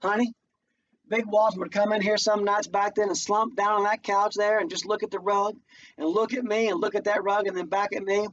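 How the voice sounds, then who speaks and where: A man voicing a devout, weary older mother who speaks in a slow, folksy dialect. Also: sits high, flat delivery, a bit bright, pitched above the performer's own voice. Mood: wistful. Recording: distant muffled home recording, faint noise.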